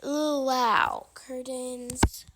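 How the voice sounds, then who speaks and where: A woman narrating her game role-play with dramatic, excitable and often frightened exclamations. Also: sits high, extremely slow, noisy background. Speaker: game player.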